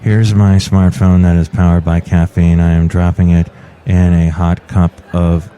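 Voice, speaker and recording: A man doing a gruff deep-voiced engineer. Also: flat delivery, a little slow, warm tone, slight background noise. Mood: deadpan. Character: deadpan gruff male engineer, slow and low.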